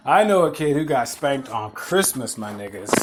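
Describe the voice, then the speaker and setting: Over a noisy background, a podcast host with a medium-pitched voice rambles through casual stories. He swears freely and keeps laughing at himself in this storytelling monologue.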